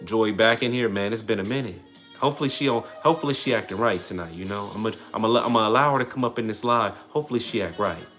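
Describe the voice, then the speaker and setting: A man's voice: fairly low pitch, fast, fairly bright tone, faint music behind. A young man, hosting a casual livestream and answering comments in a brash, slangy, trash-talking way. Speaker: livestream host.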